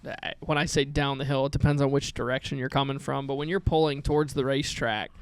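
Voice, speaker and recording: Smooth-voiced young man chatting casually. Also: mid-range voice, level tone, fast. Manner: rambling, restarts mid-sentence. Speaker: guest. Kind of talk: casual chat.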